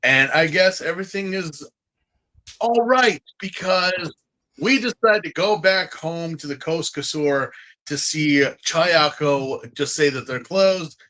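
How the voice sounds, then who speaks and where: A man's voice: fairly high pitch, slow, sharp tone, poor audio. A man co-hosting a podcast, chatting casually and animatedly about a TV series, often slipping into campy voices. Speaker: podcast co-host. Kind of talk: casual chat recapping a TV series.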